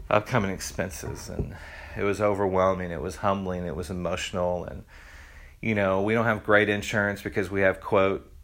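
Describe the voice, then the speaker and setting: A middle-aged man preaching a sermon as a pastor, telling a personal story in an earnest way, going quiet and hushed in tender moments and rising with emphasis when he preaches. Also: fairly low pitch.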